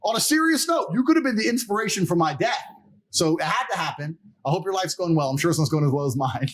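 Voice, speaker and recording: High, lively, blunt-talking man. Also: fast. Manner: blunt, profane and boastful; animated, laughs mid-story. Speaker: interview guest. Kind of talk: casual storytelling in a podcast interview.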